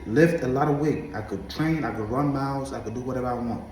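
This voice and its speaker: A man's voice: medium pitch, fast, reverberant, music in the background, rough recording. A man from Africa talking to camera in a casual monologue, preachy and emphatic, repeating his points. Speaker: vlogger.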